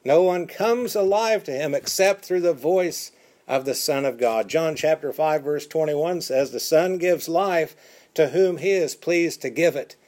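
A male pastor delivering a sermon in a slightly high voice. He moves between measured teaching and lively, dramatic quoting, pushing his voice up when he acts out what people say to God. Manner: animated preaching with dramatic voiced quotes.

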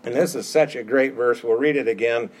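A man's voice: medium pitch, brisk. A male pastor preaching a sermon, emphatic and given to repeating key phrases, with casual asides to the congregation. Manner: conversational asides.

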